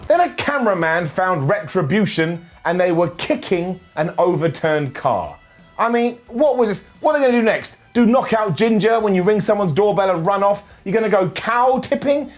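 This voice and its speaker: Guy doing a sarcastic review, high voice all over the place, bit of music under. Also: moderate pace. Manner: animated, sarcastic, jokey. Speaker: wrestling show reviewer and host. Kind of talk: energetic video review commentary.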